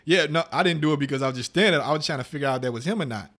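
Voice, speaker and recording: A man's voice: fairly high pitch, very fast, fairly bright tone. A man co-hosting a podcast, telling loose, profane stories in casual chat and acting out quoted voices. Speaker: podcast co-host.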